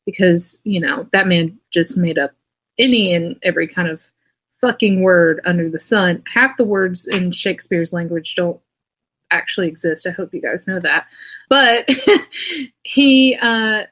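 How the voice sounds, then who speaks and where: A young woman co-hosting a podcast in casual chat, animated and swearing freely. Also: lowish voice, rough recording. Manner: animated and profane, quick bursts of excitement. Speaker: podcast co-host.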